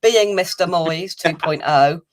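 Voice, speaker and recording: A man's voice: a little high, unhurried. A man hosting a casual, upbeat football fan show, chatting with guests and laughing easily. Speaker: host of a fan channel's pre-match show.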